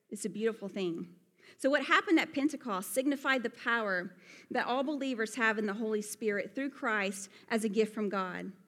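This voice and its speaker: A woman from Alabama with a Southern accent, preaching a sermon in an earnest, conversational way with folksy asides. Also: fairly high pitch. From Alabama, USA. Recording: long hall reverb.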